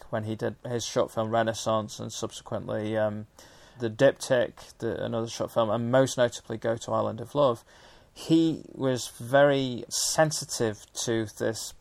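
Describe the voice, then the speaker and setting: Gravelly man, flat and measured. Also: medium pitch, no echo. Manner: measured, detailed, with many restarts and fillers. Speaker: film historian. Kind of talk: conversational discussion.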